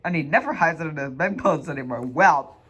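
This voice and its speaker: A man's voice: a little high, fairly quick, fairly bright tone, breathy edge. A man reading a children's storybook aloud as an amateur read-along, giggling and stumbling over words. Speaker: reader.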